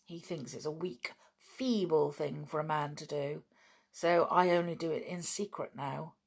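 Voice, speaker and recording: Sullen teenage boy as a woman reads him, storybook, gravelly, lowish. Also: fairly even intonation, unhurried, exaggerated voice.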